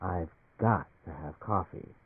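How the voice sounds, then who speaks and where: A man voicing a mocking, sleepy young woman in a story, raising his voice lighter and higher. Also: a little slow, husky, no room sound. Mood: drowsy. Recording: tinny radio broadcast.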